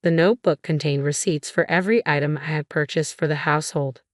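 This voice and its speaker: Low-voiced woman narrating a story. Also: quick pace, no room sound, studio quality. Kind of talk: first-person scripted story narration.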